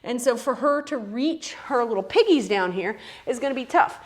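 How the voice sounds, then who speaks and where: Playful, high-voiced woman yoga teacher. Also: lively intonation, normal speed. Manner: playful, encouraging, cues movements. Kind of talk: kids' yoga class instruction.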